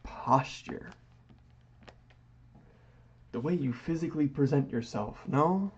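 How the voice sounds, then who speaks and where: A man's voice: a little high, slow, breathy edge. A man rambling through a philosophical monologue while he doodles, drifting into mock-grand phrasing. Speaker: vlogger. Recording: dull lo-fi audio.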